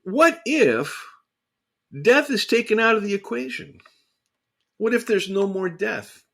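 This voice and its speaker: A man co-hosting a casual theological discussion, talking in an animated, emphatic way and repeating phrases for emphasis. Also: high-pitched, takes it slowly, gravelly. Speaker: podcast co-host.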